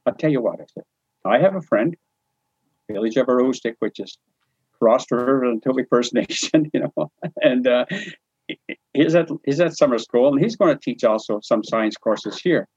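Husky man telling an animated story. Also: medium pitch, moderate pace, pauses often, no room sound. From New Brunswick, Canada. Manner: animated storyteller, acts out dialogue, frequent chuckles. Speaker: interviewee telling his life story. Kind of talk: casual spoken memoir. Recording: dry, slightly muffled recording.

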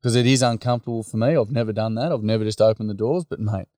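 An Australian man talks candidly in a relaxed interview, slipping into quoted voices as he tells his stories. His voice sits low, and the sound is close and dry with no room around it. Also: fast talker, no echo. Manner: blokey, frank, storytelling with acted quotes. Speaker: workshop facilitator and guest. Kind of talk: casual conversational interview.

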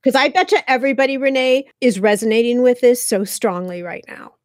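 A woman's voice: a little high, a little fast, a little mellow, no room sound. Woman, podcast host, encouraging, short affirmations, dry close sound. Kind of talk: podcast interview.

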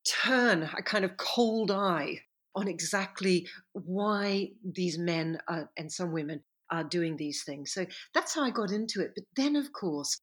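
Husky-voiced woman historian. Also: on the low side, animated, a bit bright. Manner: reflective, measured, stops to correct herself. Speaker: historian and author guest. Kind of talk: podcast interview answers.

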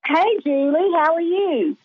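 A woman's voice: very high-pitched, a little slow, no echo. Middle-aged Southern woman, phone-in caller, earnest, thin phone-line sound, dry. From Birmingham, Alabama. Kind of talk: phone call to a radio show.

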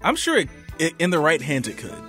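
A man's voice: on the high side, huge pitch swings, a little fast, fairly bright tone, faint music behind. A man co-hosting a podcast in casual chat, opinionated and laughing between remarks. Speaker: podcast co-host.

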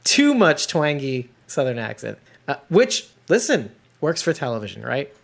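A man with a Northeastern US accent co-hosting a casual TV recap podcast, animated, laughing often and acting out characters' lines. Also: mid-range voice, normal speed, vocal fry, over a noisy crowd. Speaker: podcast co-host.

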